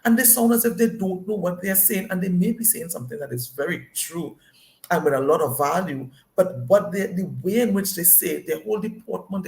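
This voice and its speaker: A woman's voice: on the low side, vocal fry, darkish tone, reverberant. Emphatic woman coaching leaders. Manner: emphatic, often checks in with "all right?". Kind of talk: recorded leadership lesson.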